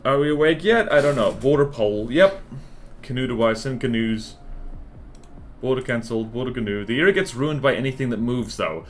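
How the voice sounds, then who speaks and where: A man's voice: medium pitch, brisk, slight background noise. A man streaming a game live, chatting casually and rambling with lots of fillers and self-deprecating asides. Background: faint music and keyboard typing.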